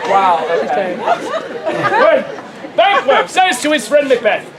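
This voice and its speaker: A woman's voice: very high voice, wildly swooping pitch, drawn-out words, pauses often. A woman performer telling a comic story to a live audience and directing volunteers, playful and laughing often. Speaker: street theater performer leading audience volunteers. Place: outdoor fair stage. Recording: loud crowd and outdoor fair noise.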